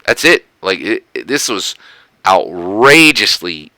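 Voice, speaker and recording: An American man from Philadelphia giving casual political commentary, emphatic and animated, often tagging "right?" onto his points. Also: low-pitched, slow pace, no echo, poor audio. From Philadelphia, United States.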